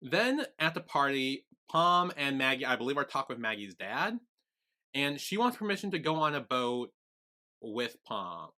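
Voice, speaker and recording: A man co-hosting a podcast, recapping in a casual, lively way and acting out characters' lines as he goes. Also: medium pitch, normal speed. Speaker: podcast co-host.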